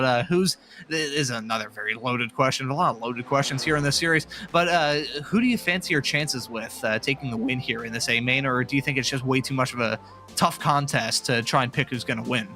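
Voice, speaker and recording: A man's voice: mid-range voice, sharp tone. A man commentating a sim racing broadcast, chatty and upbeat, joking between race calls. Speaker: lead commentator. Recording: faint music bed behind.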